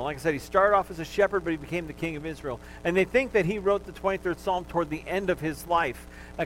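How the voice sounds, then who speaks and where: A man's voice: a little high, a little hiss or hum, rough recording. A male pastor preaching a sermon, talking to the congregation in a conversational way and joking with them.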